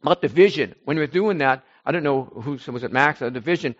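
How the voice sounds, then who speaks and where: A man preaching informally to a small group, rambling and animated, swinging between loud bursts and soft asides. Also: medium pitch, fast, muffled recording. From United States.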